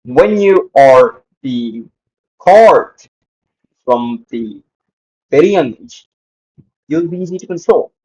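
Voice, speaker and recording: A man's voice: on the high side, lively intonation, takes it slowly, pauses often, a little mellow, slightly rough, dull audio. A man hosting his own channel, delivering an emphatic, repetitive opinion monologue. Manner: repetitive, emphatic, says "literally" often. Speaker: channel host.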